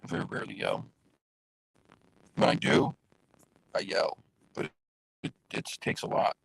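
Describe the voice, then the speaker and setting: Raspy, gravelly man chatting on a livestream. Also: mid-range voice, huge pitch swings, moderate pace, no room sound, poor audio. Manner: rambling, chatty, talks straight to viewers. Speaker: livestream host. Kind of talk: casual livestream chat. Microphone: phone.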